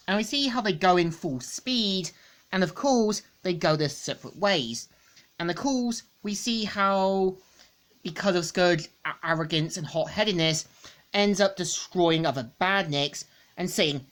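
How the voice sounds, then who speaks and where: Comic reviewer, woman, lowish voice, loose rambling recap. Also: a little slow. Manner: rambling, repeats stock phrases. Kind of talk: casual plot recap.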